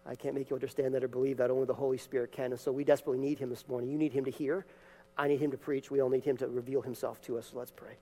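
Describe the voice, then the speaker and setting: A man's voice: mid-range voice, flat delivery, rapid-fire, warm tone, big-room sound. A man preaching a sermon in a church, reading scripture, praying and teaching with emphatic repeated phrases. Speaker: pastor. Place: church sanctuary.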